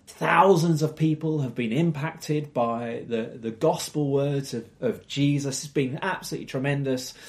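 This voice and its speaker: Male preacher, mid-pitched, thoughtful sermon delivery, rhetorical questions. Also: darkish tone. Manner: reflective, imaginative retelling with rhetorical questions.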